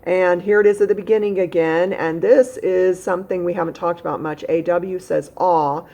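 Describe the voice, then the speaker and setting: A woman teaching phonics to a child at home in a patient, step-by-step way. Her voice sits fairly low and has a gravelly edge. She repeats the main points slowly so they sink in. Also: steady tone, mellow. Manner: speaks directly to a child at home. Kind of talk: recorded phonics lesson for young pupils.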